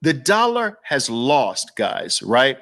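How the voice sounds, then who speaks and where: Slow and sing-song, his medium-pitched voice has a fairly bright tone. The speaker is a Brooklyn-born host with a New York accent, fervently preaching an impassioned monologue built on repeated rhetorical questions and lists.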